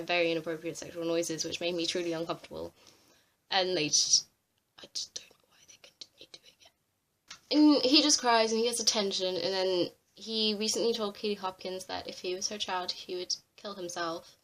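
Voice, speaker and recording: A young woman ranting to camera on a vlog, exasperated and swearing freely with animated outbursts. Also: on the low side. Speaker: vlogger. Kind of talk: ranting commentary.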